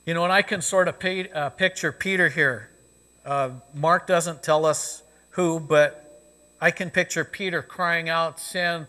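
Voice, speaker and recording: A man's voice: a little high, fairly even intonation, unhurried, pauses often, pushed and bright. A male pastor preaching a sermon in a conversational way, often saying "you know," in a church sanctuary. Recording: long reverb of a church sanctuary.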